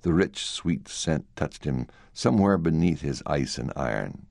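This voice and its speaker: A man narrating a classic story for an audiobook in a measured storytelling manner, recorded on a close studio mic. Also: a bass voice, big pitch swings, vocal fry, darkish tone, dry recording. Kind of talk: scripted narration.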